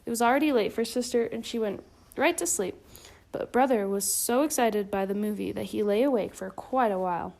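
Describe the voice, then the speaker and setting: A woman reading a children's storybook aloud in a gentle, even storytelling manner. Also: medium pitch, fairly quick, creaky. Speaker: storybook reader.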